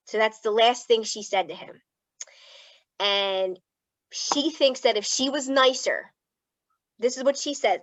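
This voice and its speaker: A woman with a Philadelphia accent tells her family story in a frank, casual way, and her voice is on the higher side. She sounds close to the mic and dry, but dull, as over a video call. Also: a little slow, long pauses, dry recording. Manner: emotional, tearful at times, frank and casual. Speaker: guest speaker, clinical psychologist. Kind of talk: candid personal storytelling.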